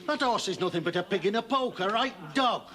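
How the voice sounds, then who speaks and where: Broad Yorkshire farmer, gruff and aggrieved, high lively voice, TV drama. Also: male voice, brisk, crowd noise. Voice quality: broad, gruff, earthy dialect speech. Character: blunt old Yorkshire farmer, grumbling and comic. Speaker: farmer client. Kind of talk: 1970s television drama acting.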